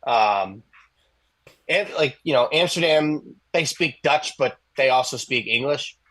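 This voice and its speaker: A man's voice: medium pitch, lively intonation, unhurried, fairly bright tone, poor audio. A young adult man co-hosting a casual talk show, rambling with many fillers and restarts. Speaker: co-host.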